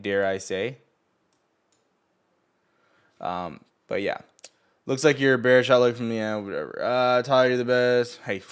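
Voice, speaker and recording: A man's voice: fairly low pitch, a bit bright. A man hosting a casual live market chat from home, rambling and joking in a boastful, teasing way. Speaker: livestream host.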